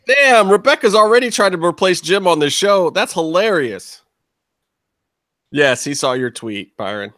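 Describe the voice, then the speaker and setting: A man's voice: high voice, sing-song, a little slow, a bit bright, no echo, clean studio sound. A man co-hosting a wrestling podcast, laughing and teasing the others. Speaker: podcast co-host. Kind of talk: casual banter.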